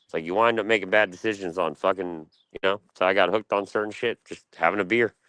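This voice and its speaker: Fast-ranting profane man, low voice. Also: fairly even intonation, fairly bright tone, smooth, no echo. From Delaware, USA. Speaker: podcast panel host. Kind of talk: casual profane rant.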